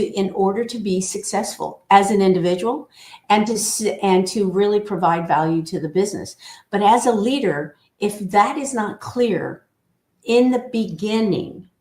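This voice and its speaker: A woman in her sixties, a team culture coach, answering interview questions in a measured, thoughtful way. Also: medium pitch, darkish tone. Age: older. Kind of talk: conversational interview. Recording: echoey room.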